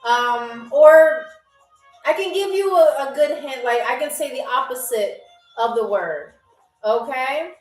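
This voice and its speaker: A woman's voice: high voice, expressive, unhurried, roomy sound, distant mic, soft background music, rough recording. A woman hosting a live online game show in a playful, chatty, teasing way. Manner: chatty, teasing, laughs often.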